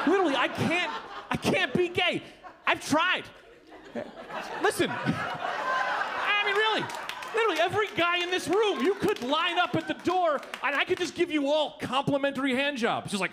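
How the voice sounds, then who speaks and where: A man in his thirties doing a stand-up comedy set, animated and shouting his punchlines. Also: very high voice, normal speed, background noise. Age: 30s. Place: comedy club. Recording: live club with crowd laughter. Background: audience laughter.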